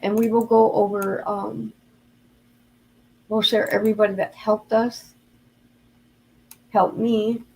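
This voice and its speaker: A woman's voice: mid-range voice, little pitch movement, takes it slowly, long pauses, darkish tone, a little hiss or hum, rough recording. An older woman hosting a casual livestream, chatty and earnest, talking straight to her viewers and openly emotional. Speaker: livestream host.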